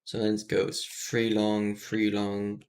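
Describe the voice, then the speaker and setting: A man's voice: fairly low pitch, completely flat delivery, takes it slowly, a little mellow. A man thinking aloud while building in a game, mumbling and self-deprecating, in casual gameplay commentary. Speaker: streamer.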